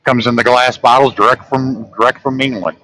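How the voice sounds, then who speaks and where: A man with a Southern American accent chatting casually and telling folksy, relaxed stories. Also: mid-range voice, fairly quick, slight background noise, poor audio. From southern United States. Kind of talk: casual chat.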